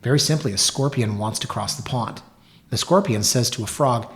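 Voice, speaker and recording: A middle-aged man hosting his own real-estate podcast, telling stories in an animated, wry way with joking asides. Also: medium pitch, normal speed. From Canada. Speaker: realtor and podcast host. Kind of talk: solo podcast talk with storytelling.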